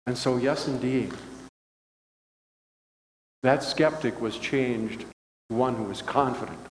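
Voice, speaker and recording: Older pastor preaching in a reverberant church. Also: male voice, mid-range voice, slow, pauses often. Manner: folksy, conversational storytelling. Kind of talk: sermon. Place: church sanctuary. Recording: echoey church hall.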